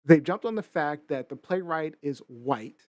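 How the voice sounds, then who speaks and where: A man's voice: on the high side, animated, a little slow, a little mellow, no echo. A man with a slightly raised voice talks casually on a panel and lays out a different view. His sound is close and dry, with no room around it. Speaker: co-host.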